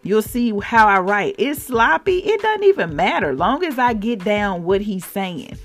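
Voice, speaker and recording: A woman from Mississippi with a Southern accent, hosting a devotional podcast and exhorting listeners in an animated, informal way. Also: medium pitch, measured pace, faint music behind. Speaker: podcast host, faith encourager.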